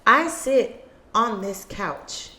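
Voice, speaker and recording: A woman's voice: a little high, expressive, very slow, bright, forceful tone, reverberant. A woman hosting a podcast from the couch in her living room, giving an earnest motivational talk on a mic and acting out little scenes as she goes. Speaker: podcast host. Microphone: studio mic.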